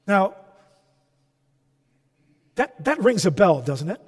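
A male pastor delivers an emphatic sermon, his voice pitched high for a man. He swings from loud, driving declarations down to quiet asides. The sound carries a long reverb from a church hall. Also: big pitch swings, slow pace, pauses often.

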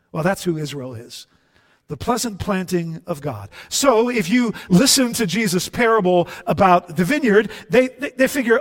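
A man preaching a sermon, animated and acting out the voices of biblical figures, with frequent repeated words. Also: high-pitched, moderate pace.

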